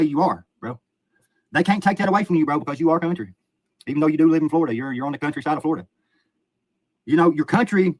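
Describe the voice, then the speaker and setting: A man's voice: fairly high pitch, no room sound. Profane, rambling Kentucky man, dry sound. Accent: Appalachian Kentucky. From Eastern Kentucky, USA. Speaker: livestreamer. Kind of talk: casual livestream chat. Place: outdoors by a river.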